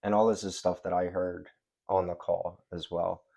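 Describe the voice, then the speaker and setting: Very low, gravelly male interviewer with a calm, measured manner. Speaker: husband and interviewer. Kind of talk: conversational interview.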